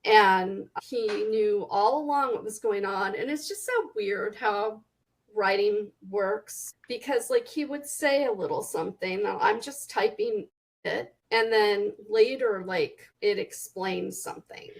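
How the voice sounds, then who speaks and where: A woman's voice: medium pitch, rough recording. A woman from Texas, a guest author chatting casually and animatedly in a podcast interview. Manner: chatty and animated, quick restarts.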